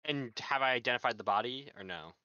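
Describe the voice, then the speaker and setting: A man playing in a tabletop game, chatting casually with quick asides. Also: mid-range voice, sharp tone, dry recording. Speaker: player. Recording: dull lo-fi mic.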